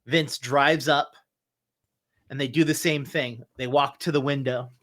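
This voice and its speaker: A man narrating a tabletop game as game master, in slow, searching narration with restarts. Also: mid-range voice, fairly even intonation, fairly bright tone.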